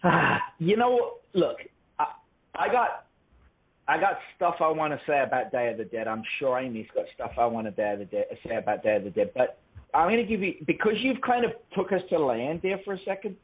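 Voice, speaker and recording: A man's voice: on the high side, animated, a little fast. A man co-hosting a casual podcast, ranting and swearing, often restarting his sentences. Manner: ranting, swearing, self-interrupting. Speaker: podcast co-host. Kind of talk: casual chat. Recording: tinny phone-like line.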